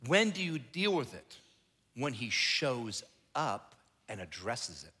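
Middle-aged male pastor, bright and forceful, chatty and joking; long echo of a big church. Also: mid-range voice, very animated, takes it slowly, husky. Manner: conversational, joking, acts out the Bible characters. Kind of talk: sermon. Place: church sanctuary. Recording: echoey hall, long reverb.

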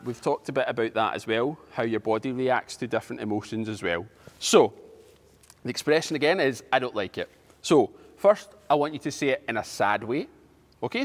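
A man teaching an online drama class, guiding warm-ups with energetic instructions and frequent checks of "okay?". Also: mid-range voice, big-room sound.

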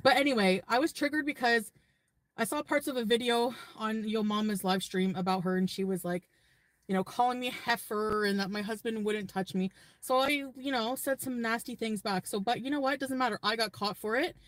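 A woman's voice: fairly high pitch, fairly even intonation, a little fast, no room sound. Chatty woman vlogging from her car. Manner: rambling, chatty. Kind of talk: casual car vlog. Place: parked car.

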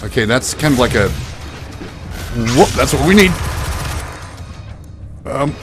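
A man commentating his own gameplay, panicking and swearing through fights, then calming down to chat. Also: mid-range voice, slow pace, pauses often, soft background music. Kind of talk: let's play commentary.

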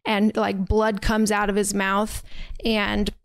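Recording at a podcast setup, a woman co-host delivers a filler-heavy, rambling recap full of "like" and "um" in casual chat. Her mid-range voice is monotone, slow, and smooth, captured dry.

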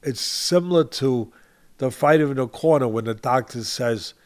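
Speaking at a moderate pace in a mid-range voice, an older man delivers passionate commentary on his boxing podcast. He stresses his arguments through repetition and turns to his co-host by name.

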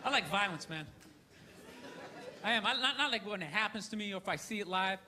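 A man doing a stand-up set in a theater, ranting loudly with sarcastic delivery. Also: sits high, animated, brisk. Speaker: stand-up comedian. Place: theater stage. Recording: live show with crowd laughter and noise. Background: audience laughter.

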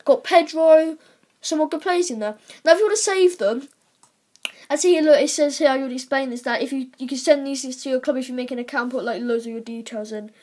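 A teenage girl chats her way through a card-pack-opening vlog, excitable and quick to exclaim at each result. Her voice sits high. She talks into a computer microphone in a room at home. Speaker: vlogger. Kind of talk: casual pack-opening commentary.

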